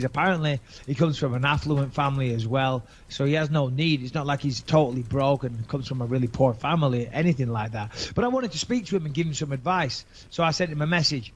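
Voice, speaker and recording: A man in his forties with an English accent, a podcast host telling a story in casual chat, profane and animated, acting out both sides of phone calls. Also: on the high side, quick pace, few pauses. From England.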